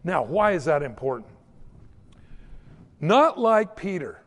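Lively, folksy preacher man in a hall. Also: high voice, a little slow, pauses often. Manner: animated, folksy storytelling with acted-out quotes. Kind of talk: sermon.

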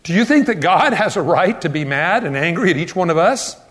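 High lively preacher guy, sermon bouncing around a big hall. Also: fairly quick. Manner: animated preacher, asks questions and answers them. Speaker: pastor. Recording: long hall reverb.

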